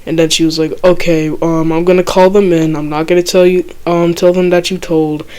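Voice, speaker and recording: A teenager casually telling a storytime, slangy and profane, dropping to a low mutter when quoting people. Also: level tone, fairly quick, a little mellow, smooth. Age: teens.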